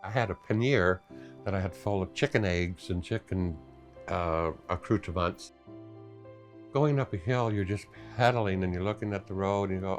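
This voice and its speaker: An older man telling stories in a documentary interview, playful and animated, acting out his own past thoughts. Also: sits low, moderate pace, faint music behind. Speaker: longtime charity ride participant.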